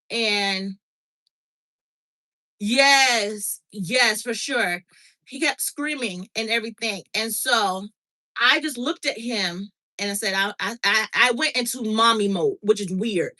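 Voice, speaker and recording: A middle-aged woman hosts a casual podcast chat, her voice a little high and a little slow over poor audio. She animatedly tells a story, acting out the dialogue and often checking in with her listener with an "okay?"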